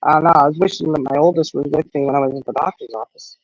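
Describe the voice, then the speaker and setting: A woman's voice: deep voice, fairly even intonation, rapid-fire, no echo. Middle-aged woman chatting on a livestream from her phone, rambly, lots of fillers, dry muffled sound. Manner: rambling, many fillers and "you know". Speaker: livestream host. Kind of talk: casual livestream chat answering viewers. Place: outdoors on an evening walk.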